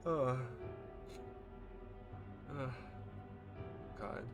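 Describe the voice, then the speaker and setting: Guy streamer getting all choked up over a game, swears a lot, rambly, game music playing loud behind him. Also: mid-range voice, drawn-out words. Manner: emotional, swears often, rambling fillers. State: choked up, near tears. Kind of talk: live gameplay commentary.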